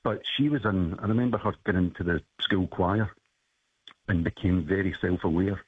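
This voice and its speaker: Husky man on a tinny phone line. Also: low-pitched, normal speed, dry recording. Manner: reminiscing, hesitant with many ums. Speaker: caller. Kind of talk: casual radio call.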